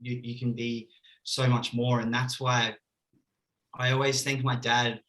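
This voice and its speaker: A man's voice: mid-range voice, a bit bright, rough recording. A young Australian man, a podcast guest on a video call, talking earnestly and candidly, saying "bro" and "like" a lot. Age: young adult. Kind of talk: casual podcast chat over video call.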